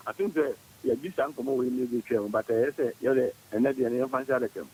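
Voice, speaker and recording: A man's voice: mid-range voice, lively intonation, fast talker, mellow, low-quality recording. A man joining a radio chat as a guest, rambling and laughing as he talks. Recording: radio broadcast with faint hiss.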